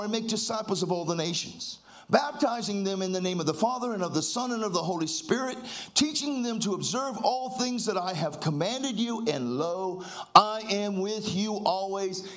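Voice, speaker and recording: A man's voice: high-pitched, animated, moderate pace. A pastor preaching a fervent sermon, full of exclamations and leading his congregation in call-and-response.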